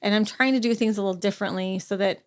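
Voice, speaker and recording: A middle-aged woman, a podcast guest, talking through a personal story in a halting way, full of fillers and restarts. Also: mid-range voice, fairly even intonation. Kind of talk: conversational interview.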